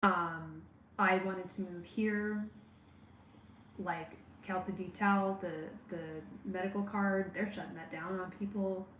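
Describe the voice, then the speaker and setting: A woman giving a live tarot reading on a stream, speaking warmly and straight to the viewer, with many halting restarts and fillers. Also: on the low side, fairly even intonation, roomy sound, a little hiss or hum, low-quality recording. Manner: warm, personal, talks straight to the viewer. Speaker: tarot reader.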